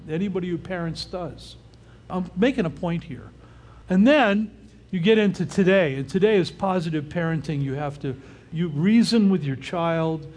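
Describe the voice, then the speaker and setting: Husky-voiced older male preacher. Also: on the high side, darkish tone. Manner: informal, often checks in with the audience. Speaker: pastor. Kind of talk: conversational sermon.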